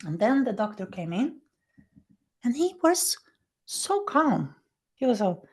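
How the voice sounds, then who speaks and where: A woman being interviewed, telling her recovery story in animated, halting, non-native English, acting out what people said. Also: mid-range voice, slightly rough. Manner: animated storyteller who acts out quoted speech. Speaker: interview guest. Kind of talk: personal recovery story told in conversation.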